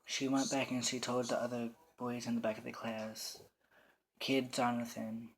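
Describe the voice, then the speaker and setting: A teenage boy telling his own story in the first person, quiet, somber and plainly spoken. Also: medium pitch, monotone, normal speed, a little hiss or hum. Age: teens. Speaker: storyteller recounting coming out.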